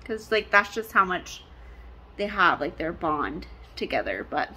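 A woman's voice: lowish voice, very animated, a little slow, bright, forceful tone, breathy edge. A woman chatting casually to the camera in a hotel room, a rambling storyteller who fills her talk with "like". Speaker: family vlogger, mother of twins. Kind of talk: casual vlog chat.

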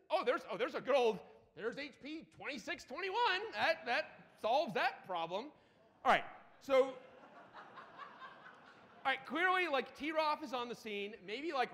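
A man giving a live lightning talk at a conference while demoing a terminal, excitable and profane, with rapid asides. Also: very high-pitched. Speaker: conference speaker. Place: conference hall. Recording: reverberant conference hall.

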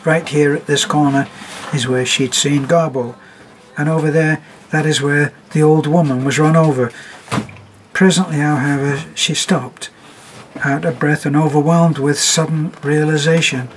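A man reading a story aloud as narrator, in a measured, even manner. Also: on the high side, noisy background.

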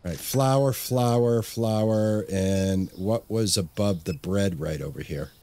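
Man, slightly low voice, casual let's-play commentary, thinking aloud, repeats words to himself. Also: takes it slowly, warm tone. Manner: talks to himself, repeats words under pressure. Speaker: gaming channel host.

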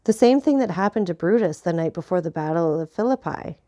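A woman voicing a grave, vengeful nobleman who speaks in a measured, solemn way. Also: on the low side, lively intonation, mellow, lightly acted.

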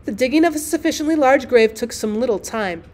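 A woman teacher reading a classic short story aloud as an audiobook, with expressive, dramatic storytelling. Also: on the high side, fairly quick.

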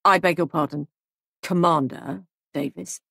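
Annoyed young husband, snaps back fast, husky tone, woman reading him. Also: lowish voice, steady tone, fairly bright tone, no echo, studio quality, full character voice. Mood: indignant. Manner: angry, defensive, brisk. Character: indignant young husband, protective and hot-tempered.

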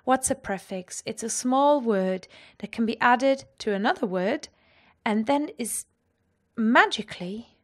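A woman teaches a language lesson, explaining each point clearly and with lively energy. Her voice sits a little higher than most.

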